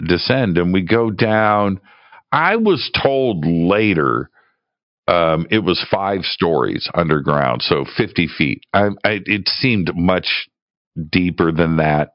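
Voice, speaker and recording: A man telling a personal story in a casual, halting way, often repeating words and restarting. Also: deep voice, no room sound, dull audio. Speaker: guest telling a travel story.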